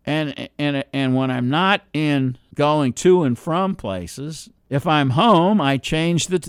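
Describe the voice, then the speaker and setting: A man's voice: a little high, takes it slowly, few pauses, smooth, dry recording, clean studio sound. A man from the New York City and New Jersey area with a New Jersey accent, giving an opinionated monologue full of emphatic rhetorical questions and sarcastic asides.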